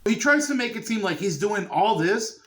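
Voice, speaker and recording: Man, movie reviewer, casual chat, fairly high voice, loose and chatty. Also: lively intonation, normal speed, crowd noise. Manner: loose, chatty, swears freely.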